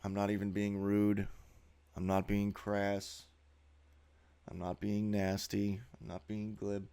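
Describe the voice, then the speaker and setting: A man's voice: fairly low pitch, completely flat delivery, slow pace, warm tone, clear, resonant tone. A man giving a sneering, profane monologue while narrating a slideshow as a video host.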